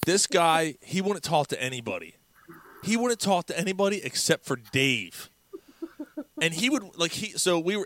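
Bright-voiced man telling a prank story. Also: a little high, no echo. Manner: laughing, rambling, swearing. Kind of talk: casual storytelling.

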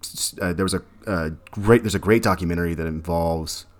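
Man, very low voice, casual rambling podcast co-host. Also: brisk. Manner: rambling, many fillers and restarts. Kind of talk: casual film discussion.

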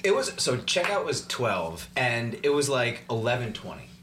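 A man in a band telling a story in casual chat, hesitant and halting. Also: mid-range voice, big pitch swings, noisy background. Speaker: band member.

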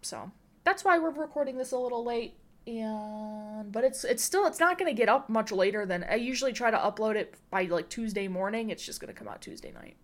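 A woman's voice: fairly high pitch, expressive, a little fast. A woman hosting a podcast, chatting casually and rambling with lots of fillers. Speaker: podcast host.

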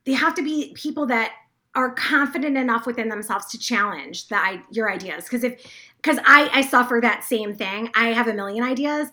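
A woman guest on a podcast talking about her business in a fast, enthusiastic, rambling way. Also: a little high, sharp tone. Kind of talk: casual interview chat.

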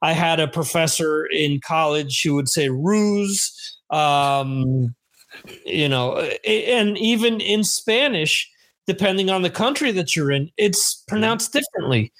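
A chatty American man hosts a relaxed podcast conversation, his speaking voice sitting noticeably high for a man. He rambles through anecdotes, stopping to correct himself and add asides as he goes. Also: measured pace. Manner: chatty storyteller with many asides. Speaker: podcast host. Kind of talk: casual podcast chat.

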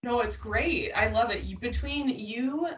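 A woman in her late twenties co-hosting a podcast, telling stories in a casual, animated way and swearing freely. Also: fairly high pitch, a little slow, reverberant, recorded from a distance. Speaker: podcast co-host. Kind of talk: casual chat. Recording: dull lo-fi audio.

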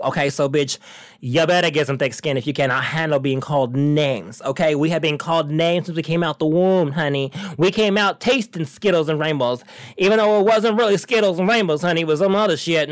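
A man's voice: a little high, no echo, studio quality. Sassy flamboyant man hosting a podcast. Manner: sassy, flamboyant, calls listeners honey; animated, laughs between stories. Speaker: podcast host. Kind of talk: casual monologue chat.

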